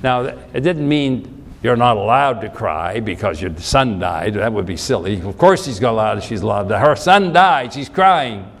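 A man's voice: lowish voice, animated, measured pace. A man preaching a Bible teaching sermon, explaining scripture with questions to the listeners and repeating and restarting phrases. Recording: long hall reverb.

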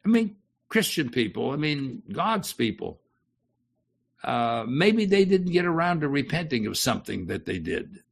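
A man's voice: mid-range voice, sing-song, unhurried, gravelly, breathy edge. A man teaching from the Bible off the cuff, rambling a little with fillers and restarts and putting questions to his listeners.

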